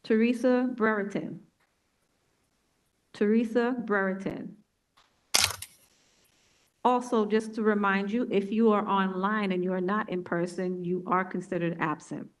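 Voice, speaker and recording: A woman with a New York accent chairing a public board meeting, reading out a roll call slowly and deliberately. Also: medium pitch, little pitch movement, slight background noise, low-quality recording. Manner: slow, deliberate name-reading.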